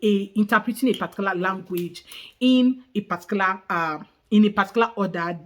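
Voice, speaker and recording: A woman's voice: mid-range voice, fairly quick. Chatty Nigerian woman vlogger. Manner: chatty, repeats "okay?" often. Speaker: YouTube host. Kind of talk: casual vlog talk to camera.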